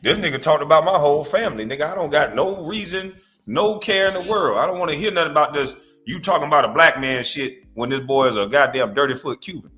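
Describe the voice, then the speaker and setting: A man's voice: a little high, fast talker, fairly bright tone, soft background music. Blunt, profane man ranting. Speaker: host. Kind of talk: reaction commentary rant.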